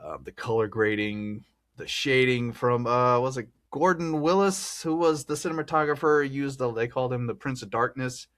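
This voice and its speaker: A man's voice: medium pitch, normal speed, fairly bright tone. A man hosting a podcast, talking through a film in a rambling, chatty way and laughing often. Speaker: podcast host. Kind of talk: casual film discussion.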